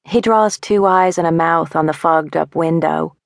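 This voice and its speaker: A woman narrator reading a first-person literary story in a measured, wry, intimate way, close on a studio mic. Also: deep voice, vocal fry, no echo. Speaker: audiobook narrator.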